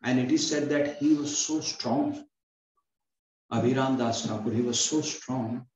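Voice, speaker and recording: A man's voice: mid-range voice, unhurried, darkish tone, reverberant, highs cut off, a little hiss or hum. Man telling a scripture story. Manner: acts out dialogue in storytelling. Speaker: temple class speaker.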